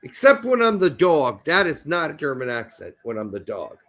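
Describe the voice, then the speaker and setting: A man co-hosting a live soccer watch-along stream, talking casually with lots of swearing and bursts of shouting. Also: on the high side, normal speed. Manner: excitable, profane, bursts into shouting over goals.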